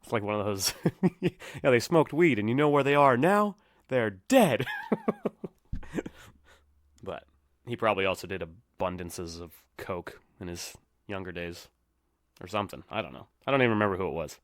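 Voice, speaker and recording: Solo podcast host, 30s male, lowish smooth voice, loose rambling delivery, frequent laughter, dry close sound. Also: sing-song, moderate pace, long pauses, dry recording. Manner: rambling, laughs often, self-mocking. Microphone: headset or desk mic.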